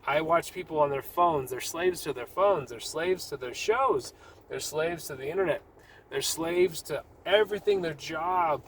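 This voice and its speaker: A man with a slightly raised pitch speaks earnestly about his faith, urging listeners with rambling restarts and a casual vlogging tone. He is talking from inside a car, with a faint hum of the vehicle underneath. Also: unhurried, poor audio. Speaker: Christian vlogger. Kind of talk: casual faith talk to camera.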